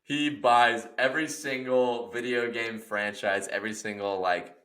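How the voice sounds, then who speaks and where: A young man co-hosting a casual comedy podcast, telling an animated story and acting out the characters in it. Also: mid-range voice, unhurried. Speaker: podcast co-host.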